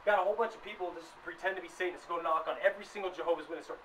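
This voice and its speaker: A man's voice: sits high, fairly even intonation, very fast. Profane, worked-up man ranting. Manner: profane, worked-up, bursts of loud emphasis. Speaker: vlogger. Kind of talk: comedic rant. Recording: distant mic, faint background noise.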